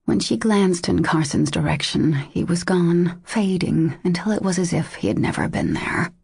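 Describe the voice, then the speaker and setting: A woman narrating a romance audiobook in a steady, measured way. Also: fairly low pitch, creaky, breathy edge, no room sound, studio quality. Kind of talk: scripted narration.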